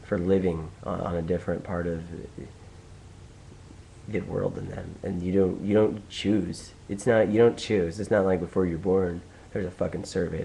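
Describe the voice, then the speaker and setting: A man's voice: sits low, steady tone, normal speed, gravelly, dark tone, slight background noise, poor audio. A young man from the United States talking alone in a casual, profane, rambling monologue with many restarts. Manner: profane, ranting, full of restarts. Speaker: vlogger.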